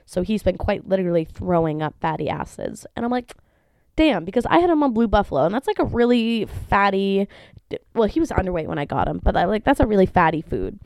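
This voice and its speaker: Recording at home with no room sound, this young adult woman hosts a solo podcast in a medium-pitched voice, talking fast with vocal fry. Her storytelling is animated, with some swearing and impressions of the people she quotes, and she's sneezy from allergies.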